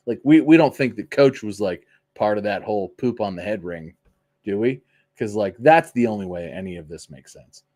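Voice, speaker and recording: Animated, swearing podcast host man. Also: fairly low pitch, normal speed. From Pittsburgh area, USA. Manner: animated, swearing, lots of fillers. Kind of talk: casual profane chat.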